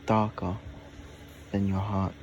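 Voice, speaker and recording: A man voicing an ancient, lonely male dragon who speaks in slow, solemn phrases, calm but menacing. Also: lowish voice, dull audio, a little hiss or hum.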